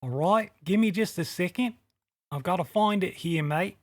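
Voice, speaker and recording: A man's voice: high-pitched, normal speed, dry recording. A man co-hosting an improvised comedy podcast in a put-on Australian accent, rambling and fumbling for words. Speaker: podcast co-host.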